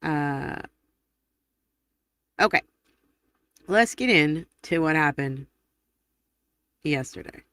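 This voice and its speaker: A chatty woman hosts a live stream, reading viewer comments aloud in a rambling way. Her voice is bright and forceful. The sound is dry and close, with no room echo. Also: low voice, animated. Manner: chatty and rambling, quick laughs and self-corrections. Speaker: livestream host.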